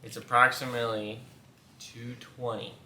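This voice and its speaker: A man's voice: mid-range voice, flat delivery, normal speed. A man telling a story casually with his wife, playful and laughing, acting out what was said. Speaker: vlogger, husband. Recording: echoey room, faint background noise.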